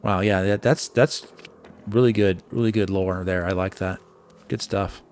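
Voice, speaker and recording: Low-voiced man chatting through a game stream. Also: fairly even intonation, unhurried, darkish tone, slight background noise. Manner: chatty, thinks aloud with fillers and restarts. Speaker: gaming streamer. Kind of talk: casual live playthrough commentary. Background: game music.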